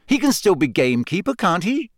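A man's voice: high-pitched, big pitch swings, a little fast, no room sound, clean studio sound, voice pushed up, exaggerated voice. A man voicing an angry teenage schoolboy hero who snaps in heated outbursts.

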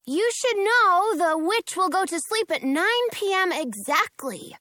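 A woman's voice: extremely high pitch, expressive, measured pace, bright, forceful tone, no room sound, studio quality, voice pushed up, exaggerated voice. Woman voicing a polite, earnest Munchkin guard.

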